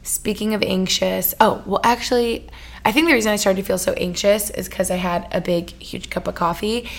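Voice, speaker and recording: Young woman, podcast host, casual chat, gushing, filler-heavy, mid pitch. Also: a little fast, creaky. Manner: chatty, gushing, full of fillers.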